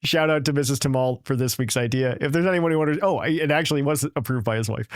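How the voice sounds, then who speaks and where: A man's voice: a little high, lively intonation, fairly quick, dry recording, clean studio sound. A man hosting a casual podcast, reading a listener's email aloud in a playful, jokey way and tripping over words now and then.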